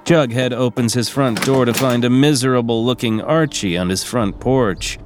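A man reading scripted narration for an audio drama in a steady, even way. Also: medium pitch, normal speed, background noise. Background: music.

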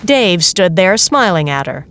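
A woman reading a novel aloud as narrator, in a steady, measured way. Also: fairly low pitch, slight background noise. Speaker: audiobook narrator. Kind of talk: scripted narration.

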